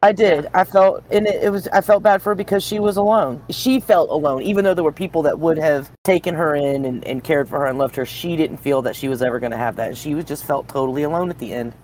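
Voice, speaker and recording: A man's voice: fairly high pitch, fast, hardly any pauses, darkish tone, slight background noise. A man co-hosting a casual fan discussion, hesitant and repeating his words.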